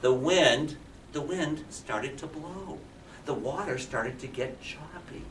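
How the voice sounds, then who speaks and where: A man's voice: on the high side, slow pace, noisy background. A male kindergarten teacher animatedly telling a picture-book story to young children, often asking them questions. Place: classroom. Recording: roomy classroom from a distance.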